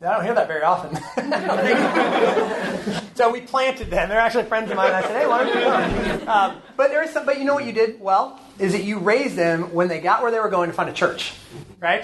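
A man's voice: high voice, a bit bright. A man in his forties leading an informal church talk on raising daughters, earnest and self-deprecating. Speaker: church teacher leading a parenting discussion. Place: church meeting room. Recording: echoey room, faint background noise.

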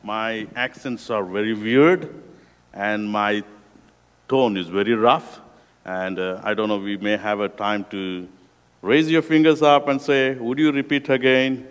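Slow-speaking Indian man preaching in a hall. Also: fairly low pitch, steady tone, clear, resonant tone. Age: middle-aged. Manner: slow, deliberate, with non-native phrasing. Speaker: guest preacher, youth ministry director. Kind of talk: sermon talk to a youth group. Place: echoey church room. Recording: echoey room with long reverb.

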